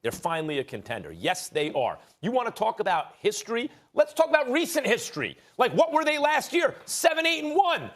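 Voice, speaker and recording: A man making rapid-fire, argumentative rebuttals as a host on a televised sports debate show. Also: very high voice, huge pitch swings, fairly bright tone. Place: TV studio.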